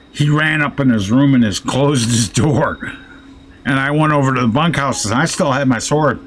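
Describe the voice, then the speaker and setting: A man's voice: mid-range voice, a bit bright. A man telling a rambling, profane story while playing a game. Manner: profane, rambling anecdote with quoted threats. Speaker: gaming streamer. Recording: faint music underneath.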